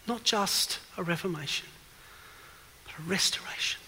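A man preaches an evening sermon in a high, bright voice, asking questions and pressing each point with emphasis. His voice carries with a long reverb through a church hall. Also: normal speed, slight background noise. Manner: questioning, emphatic, rises in force.

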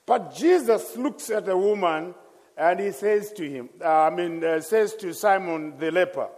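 Male preacher, high voice, slow and emphatic delivery, reverberant church hall. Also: animated, a little mellow. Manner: passionate storytelling, slow and emphatic. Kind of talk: sermon.

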